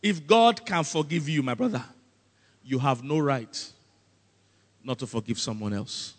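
A man with a Nigerian accent preaching a sermon as pastor, animated and often breaking into comic voices. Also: mid-range voice, a little slow, big-room sound.

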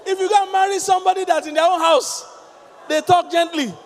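A man with a Nigerian accent preaching a sermon as pastor, with lively, emphatic delivery and questions thrown out to the congregation. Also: very high voice, a little fast, big-room sound, slight background noise.

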